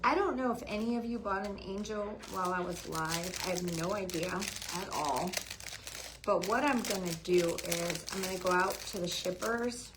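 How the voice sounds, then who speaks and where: A woman hosting a live craft stream, chatting softly to viewers by name and gushing over the decorations. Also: mid-range voice, moderate pace, background noise. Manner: hushed, half-whispering. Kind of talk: casual live-stream chat.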